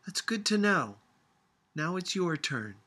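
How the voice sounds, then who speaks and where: A man's voice: sits high, very animated, takes it slowly, pushed and bright, voice pushed up, heavily acted. A man putting on a stubborn old grandmother, dry-witted. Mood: wry, exasperated.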